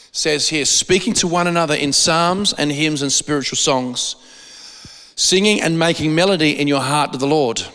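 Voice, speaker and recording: A man with an Australian accent preaching a sermon, animated, often repeating words for emphasis. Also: on the high side. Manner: animated, repeats words when stressing a point. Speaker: pastor. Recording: long hall reverb.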